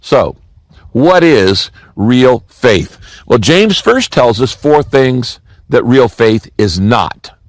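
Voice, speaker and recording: Older pastor guy giving a sermon, lots of pitch swing, dry close mic, says key points twice. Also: expressive, takes it slowly, no room sound. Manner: teaching, repeats key phrases for emphasis.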